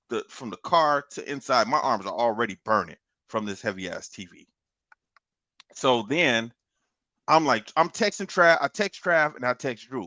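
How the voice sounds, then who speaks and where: Guy on a podcast telling a funny story, bright punchy voice, kinda high, cusses a lot. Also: dry recording. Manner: animated, profane, laughs through his story. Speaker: podcast co-host.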